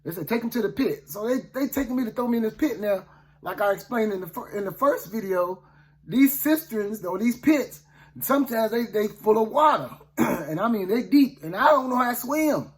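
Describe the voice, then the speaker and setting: In a high, expressive voice at a moderate pace, a man preaches a Bible story from a first-person view. The telling is casual and folksy, with frequent asides and repeated questions of "you know what I'm saying".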